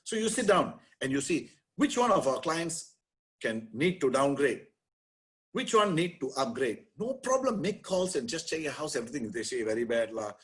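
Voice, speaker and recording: Brief: middle-aged Singaporean male lawyer, husky voice, fired-up webinar coaching with Singlish touches. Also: a little high, normal speed. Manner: energetic, animated, peppered with Singlish particles. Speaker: lawyer giving a webinar to property agents. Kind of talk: motivational webinar talk.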